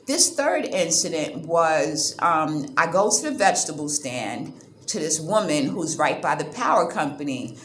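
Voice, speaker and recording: Woman vlogger, lowish voice, animated and indignant storyteller, roomy sound with faint background hum. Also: a little slow. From United States. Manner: animated, indignant retelling with quoted exchanges. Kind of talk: casual storytelling to camera.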